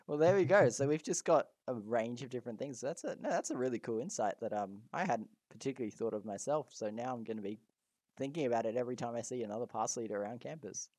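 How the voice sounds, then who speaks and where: A young man co-hosts a casual podcast in an upbeat, encouraging way, quick to laugh. His voice is mid-pitched and sounds dry and close, with no room echo. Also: a little mellow. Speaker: podcast co-host.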